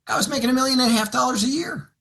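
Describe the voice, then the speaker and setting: A man's voice: very high-pitched, rapid-fire, vocal fry, sharp tone. A man training financial advisors, telling stories and acting out both sides of his client conversations. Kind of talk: seminar talk with acted dialogue.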